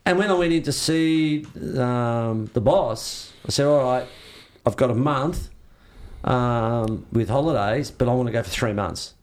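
A man's voice: medium pitch, unhurried, darkish tone. An older Australian man telling rambling surf-trip stories in casual chat, swearing freely and acting out the dialogue himself. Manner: rambling, laid-back, swears freely, acts out quoted dialogue. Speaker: interviewee, surfer. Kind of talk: casual storytelling.

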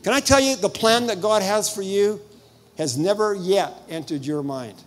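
An older man preaching a sermon, telling personal stories with animated retelling of dialogue and sudden loud bursts. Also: high-pitched, normal speed. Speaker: visiting preacher.

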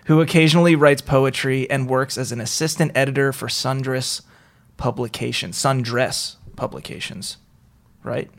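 A man's voice: medium pitch, fairly even intonation, normal speed. Joking male podcast host. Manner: joking, swearing, laughing often. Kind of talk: casual podcast chat.

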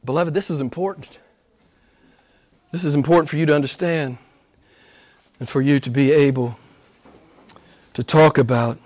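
A man preaching a sermon to his congregation. He talks emphatically and repeats phrases, dropping low and quiet and then climbing high and loud. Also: moderate pace, pauses often.

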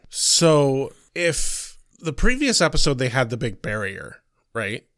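A man's voice: medium pitch, fairly bright tone, dry recording, studio quality. A man co-hosting a podcast, recapping an episode in a rambling, casual way with some swearing. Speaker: podcast co-host.

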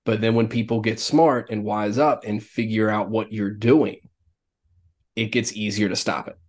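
A man's voice: lowish voice, steady tone, normal speed. A man co-hosting a sports podcast, giving opinionated, rambling takes in casual chat and often laughing. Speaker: podcast co-host.

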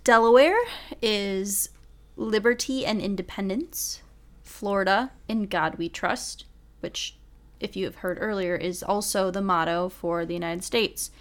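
A woman's voice: mid-range voice, fairly even intonation. A woman casually reading a list aloud, stumbling over foreign words and apologizing with a laugh. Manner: reads each item deliberately.

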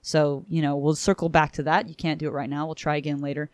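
A woman's voice: deep voice, quick pace, no room sound, studio quality. A woman hosting a casual chat, retelling a comic's story with lots of swearing and acted-out lines. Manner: animated, swears freely, acts out characters' lines. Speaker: podcast host reviewing a comic.

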